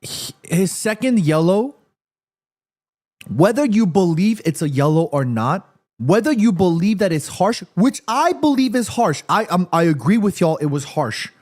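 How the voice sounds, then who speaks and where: A man hosting a live watchalong stream in casual chat, excitable, reading viewer messages aloud and swearing freely. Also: sits high, unhurried.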